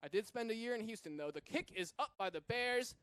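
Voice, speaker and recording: A man from Massachusetts doing live play-by-play rugby commentary, getting excited when big plays happen. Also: extremely high pitch, brisk, slight background noise.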